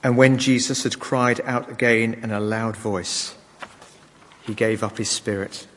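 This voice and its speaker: Male bible reader, very slow, low voice, solemn, long reverb. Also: steady tone, a bit bright, slight background noise. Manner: measured, solemn reading. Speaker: scripture reader. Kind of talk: liturgical Bible reading.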